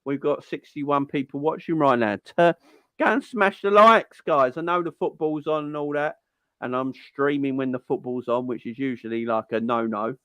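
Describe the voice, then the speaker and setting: A young man hosting a casual football fan livestream, chatty and giving shout-outs to viewers. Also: mid-range voice, normal speed, no echo.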